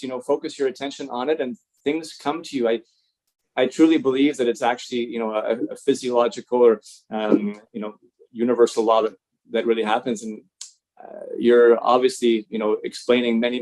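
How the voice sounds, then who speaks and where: A man's voice: mid-range voice, darkish tone. A man hosting a podcast, easygoing and conversational. He circles around his point with restarts and loose phrasing before landing on his question. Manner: rambling, restarts often. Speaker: podcast host. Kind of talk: conversational interview.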